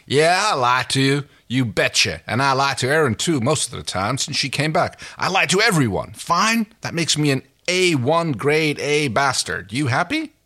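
A man's voice: on the low side, lively intonation, moderate pace, pushed and bright. A man doing a desperate astronaut hero. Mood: defiant. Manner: heated, emotional.

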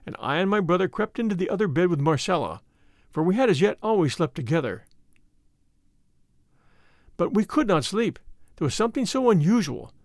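A man narrating a story in a measured audiobook reading. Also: high-pitched, no echo, studio quality.

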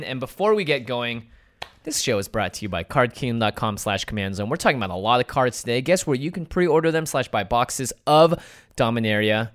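An upbeat man hosts a casual podcast and laughs easily. His pitch swings animatedly up and down as he talks. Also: lively intonation, a little fast. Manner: upbeat, laughs easily, reads sponsor spots. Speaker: podcast host. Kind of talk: casual chat.

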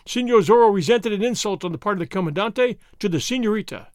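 A man voicing a proud, commanding elderly nobleman who speaks forcefully. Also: high-pitched, expressive, quick pace, dry recording, studio quality. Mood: firm.

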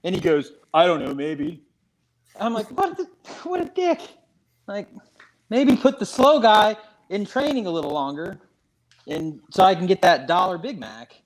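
A man with a slightly high voice rambles through a jokey story, chatting casually with friends on a podcast. He acts out the people in his anecdote as he goes. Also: big pitch swings, moderate pace, rough recording. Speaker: podcast co-host. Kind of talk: casual chat.

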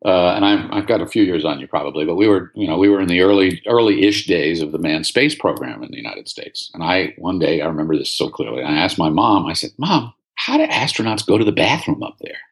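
Older guy, real low voice, relaxed wry storyteller on a podcast. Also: fast talker, hardly any pauses. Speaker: author and guest. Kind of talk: conversational interview answers.

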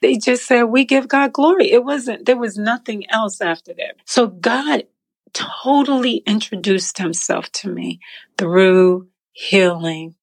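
Gravelly-voiced woman telling a testimony. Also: medium pitch, slow pace. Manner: expressive, laughs often, acts out scenes. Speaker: guest sharing a faith testimony. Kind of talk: animated storytelling.

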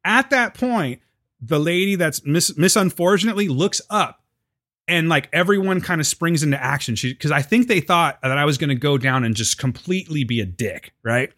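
Male storyteller, lively pitch, foul-mouthed, dry booth sound. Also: normal speed, no room sound. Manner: profane, animated, acts out quotes. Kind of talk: casual storytelling chat.

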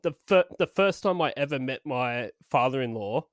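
Man, podcast co-host, animated storytelling, dry close sound. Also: mid-range voice, normal speed, dry recording. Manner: swearing storyteller, laughs often. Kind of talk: casual chat.

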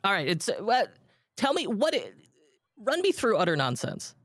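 A man's voice: high voice, huge pitch swings, moderate pace, fairly bright tone, dry recording, clean studio sound. A man hosting a business interview, animatedly paraphrasing his guest's story back to him. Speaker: podcast host. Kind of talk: conversational interview.

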